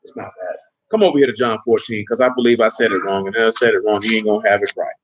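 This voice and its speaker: A man's voice: on the low side, fairly even intonation, fast, noisy background. A man preaching a sermon in a loose, conversational way, with speech patterns, often asking his listeners questions.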